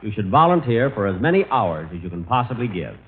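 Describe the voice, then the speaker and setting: Flustered comic radio host. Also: male voice, fairly low pitch, very animated, fast talker. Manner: indignant, flustered, then earnest appeal. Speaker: comedy host. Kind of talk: 1940s radio comedy. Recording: old tinny radio broadcast.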